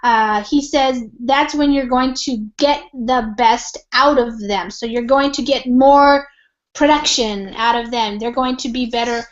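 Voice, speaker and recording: A woman's voice: on the high side, a little slow. An American woman teaching an online English reading lesson, explaining words patiently with lots of fillers and examples. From United States. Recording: dull lo-fi call audio.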